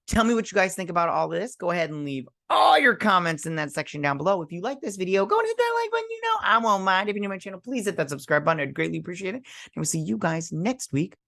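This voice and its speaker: A man's voice: high-pitched, lively intonation, fast talker, gravelly, pushed and bright. A man hosting a casual reaction vlog, chatty and blunt, with lots of asides and fillers. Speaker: host.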